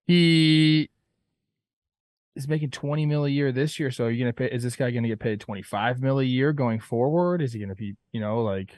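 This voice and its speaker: A man's voice: medium pitch, a little fast, darkish tone, no echo. Laid-back, rambling man talking baseball. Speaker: podcast co-host. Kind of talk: casual sports chat.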